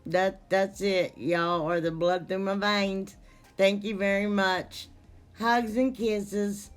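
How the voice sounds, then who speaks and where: A woman's voice: mid-range voice, fairly even intonation, slow, soft background music. A woman narrating her crafting vlog casually, apologetic and laughing at herself as she rambles. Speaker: DIY crafting vlogger.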